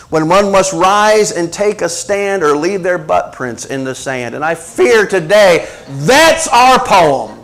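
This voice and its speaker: A middle-aged male preacher delivering a sermon, swinging between hushed asides and emphatic rhetorical questions. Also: high voice.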